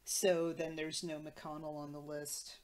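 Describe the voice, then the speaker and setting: Woman host, lowish voice, dry matter-of-fact recap with wry asides. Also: level tone, measured pace, a little mellow. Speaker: podcast host. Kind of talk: episode recap commentary.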